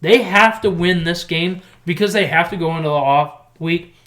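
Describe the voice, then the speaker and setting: A man's voice: sits high, normal speed. A man co-hosting a casual football podcast, talking picks with emphatic energy. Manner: excited, emphatic picks talk. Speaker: podcast co-host. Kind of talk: casual sports chat.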